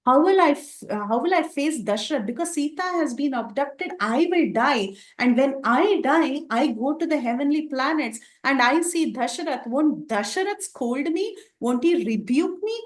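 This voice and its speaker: A woman voicing a grief-stricken young prince who pleads and calls out in anguish, her voice pitched higher than her plain narration. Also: normal speed, reverberant, close to an everyday voice. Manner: anguished pleading, calling out questions.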